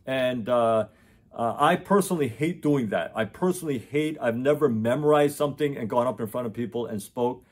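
A man's voice: medium pitch, moderate pace, darkish tone. Man rambling to camera, many fillers. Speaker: tutor. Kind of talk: unscripted talk to camera. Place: indoors in front of his camera. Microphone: camera mic.

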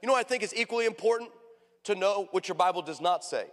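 A man preaching a sermon as pastor, telling stories in an animated way and acting out the people in them with big raised voices. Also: sits high, fast. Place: church sanctuary. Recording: long hall reverb.

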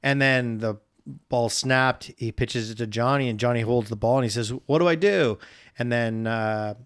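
A man co-hosting a couple's podcast, telling stories in casual chat, animated, swearing and laughing freely. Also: medium pitch, moderate pace, clear, resonant tone. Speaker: podcast co-host.

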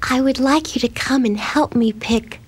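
A woman voicing a shy, dreamy little girl who talks softly and hesitantly in a storybook reading. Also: sits high, takes it slowly, voice pushed up. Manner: soft, timid and hesitant.

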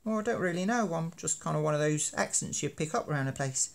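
A man's voice: high voice, very animated, fairly quick, fairly bright tone, pitched above the performer's own voice, exaggerated voice. A man voicing a cheery imaginary friend with a vague accent, chirpy and stammering. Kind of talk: silly comic voice.

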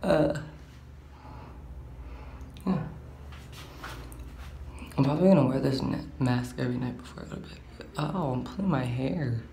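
A man's voice: medium pitch, a little slow, creaky, long pauses, warm tone. An eighteen-year-old man telling a storytime in a rambling, slangy way, filling his talk with "like". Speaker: vlogger. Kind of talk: casual storytime chat. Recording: roomy echo, faint background hum.

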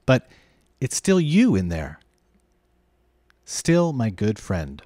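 A man reading aloud, voicing a kind, steady young boy who speaks with earnest conviction. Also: medium pitch, takes it slowly, dry recording, clean studio sound, exaggerated voice. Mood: reassuring.

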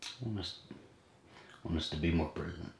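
A man vlogging in casual chat, soft-spoken and affectionate. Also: low-pitched, moderate pace, gravelly, echoey room, a little hiss or hum.

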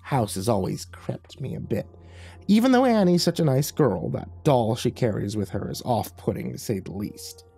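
A man voicing an uneasy older female neighbor who speaks politely but guardedly, raising his pitch for her. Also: sing-song, moderate pace, creaky, warm tone, slightly rough, faint music behind, full character voice.

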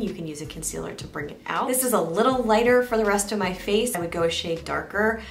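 Woman, young adult, beauty vlogger, candid and chatty, lowish voice, faint background music. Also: fairly bright tone. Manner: chatty and candid, talks straight to viewers. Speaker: beauty reviewer. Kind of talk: casual product review vlog.

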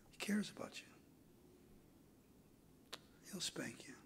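A man preaching a sermon in a church, swinging from near-whispered lines to loud, hoarse shouting. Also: a little high, lively intonation, takes it slowly, poor audio. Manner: builds from hushed murmurs to hoarse shouting. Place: church sanctuary.

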